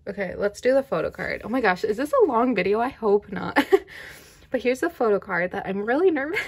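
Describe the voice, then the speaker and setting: Young female vlogger, casual unboxing chat, excitable and prone to happy squeals. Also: on the high side, gravelly. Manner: excitable, giggly, squeals with delight.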